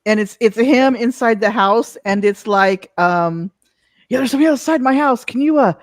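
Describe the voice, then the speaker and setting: A middle-aged woman guest in casual chat, giggling through animated retellings. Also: a little high, moderate pace, no room sound, studio quality.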